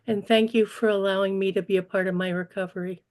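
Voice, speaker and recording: A woman's voice: medium pitch, steady tone, fast, a little mellow. A woman in her sixties giving a personal recovery share, hesitant and emotional with frequent fillers. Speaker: meeting attendee sharing.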